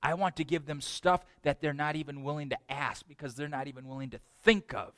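A man's voice: a little high, fairly even intonation, fairly quick, a bit bright, no echo, clean studio sound, long reverb tail, natural voice. A man voicing God speaking tenderly to Moses in a sermon.

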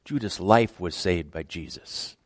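A man's voice: deep voice, unhurried, no room sound. A male preacher giving an emphatic sermon, repeating words and asking the congregation rhetorical questions.

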